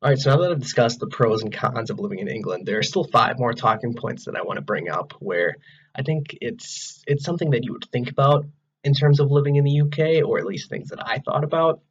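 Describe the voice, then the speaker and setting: A man's voice: mid-range voice, expressive, brisk, husky, muffled recording. A man in his twenties from Wisconsin with an American accent, talking casually to camera in his own room and rambling with many "like"s and restarts. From Wisconsin, USA. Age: 20s. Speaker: vlogger.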